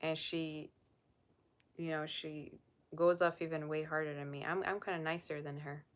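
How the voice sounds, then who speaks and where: A woman's voice: deep voice, little pitch movement, moderate pace. A woman tarot reader chatting on a live stream, blunt and sassy as she reads and answers viewer comments. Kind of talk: casual live-stream chat.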